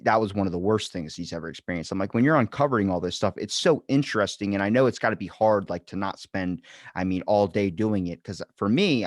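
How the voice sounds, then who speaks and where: Male podcast host, animated casual storyteller with big pitch swings, dry close mic. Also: no echo. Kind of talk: casual interview chat.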